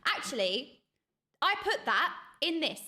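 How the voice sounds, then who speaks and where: A woman streams and reacts to clips with her chat, her voice very high, bright and ringing. She talks in excitable bursts and breaks into laughter often. Her pitch swings widely from line to line. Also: a little slow.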